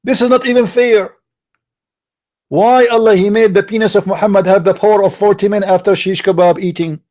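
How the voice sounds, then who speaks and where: Sarcastic man with a high voice. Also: steady tone, a little fast, darkish tone. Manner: sarcastic, mocking, jeering. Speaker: online commentator. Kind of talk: mocking rant.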